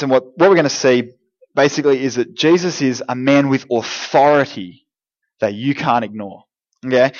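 A man giving a lively, jokey youth group talk, speaking straight to teenagers. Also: mid-range voice, highs cut off. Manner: energetic, jokey, direct address to teens. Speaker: youth pastor.

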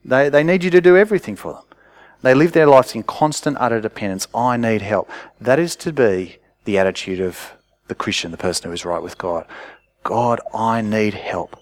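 A man's voice: mid-range voice, lively intonation, fairly quick, no echo. Male preacher, chatty sermon delivery, dry close sound. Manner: conversational storytelling, rising to loud urgent cries.

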